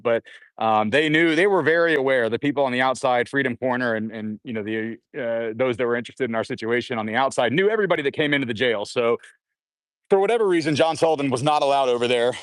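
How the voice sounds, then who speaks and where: A man telling a long personal story in a casual way, full of fillers and restarts, who puts on higher voices when quoting others. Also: smooth, no echo. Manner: rambling with frequent fillers and restarts; acts out quoted voices in a raised pitch. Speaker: guest recounting jail time.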